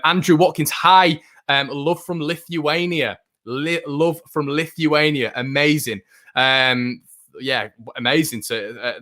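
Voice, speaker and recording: A young man hosting a live football watchalong stream, chatting casually and reading out viewer comments with lots of fillers and restarts. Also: medium pitch. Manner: chatty, filler-heavy, frequent restarts, excitable fan.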